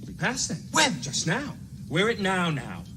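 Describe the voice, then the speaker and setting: Bewildered comic bickerer. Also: male voice, sits high, very animated, pushed and bright, a little hiss or hum, heavily acted. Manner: rapid back-and-forth comic banter.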